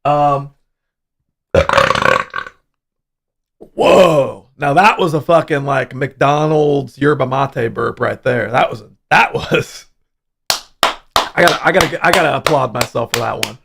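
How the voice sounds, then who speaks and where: Gravelly young man telling wild stories. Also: medium pitch, slow, long pauses. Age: young adult. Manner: profane, animated storyteller. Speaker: livestream host. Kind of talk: casual livestream storytelling.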